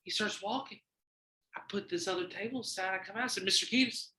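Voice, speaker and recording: A podcast host spins a wild story in a bright, sharp voice that sits a little high for a man. He swears freely and acts out every quote. The room around him is echoey. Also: quick pace. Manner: animated, profane storyteller who acts out quotes. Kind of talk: casual podcast chat, storytelling.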